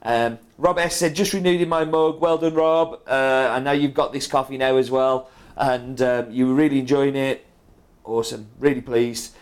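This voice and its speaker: A man's voice: mid-range voice, steady tone, moderate pace, smooth. A middle-aged man with a strong British accent, chatting casually as he reads out viewer comments, with plenty of ums and uhs. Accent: British English. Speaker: coffee roaster reading viewer comments. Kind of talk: casual chat.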